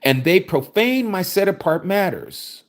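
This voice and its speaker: A man preaching a sermon, reading scripture aloud and explaining it with forceful rhetorical questions. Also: high voice, very animated, unhurried.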